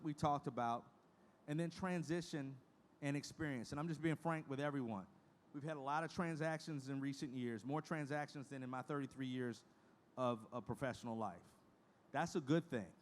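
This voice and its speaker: Frank, folksy man giving a keynote. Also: medium pitch. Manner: frank, folksy, emotional storytelling. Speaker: association leader giving a presentation. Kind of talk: conference keynote speech. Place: conference stage.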